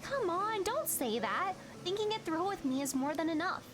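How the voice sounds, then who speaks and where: A streamer doing a cheery young girl pal, high and bouncy, sing-songy, music playing under it. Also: big pitch swings, moderate pace. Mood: encouraging. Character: cheerful helpful young woman friend. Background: game music.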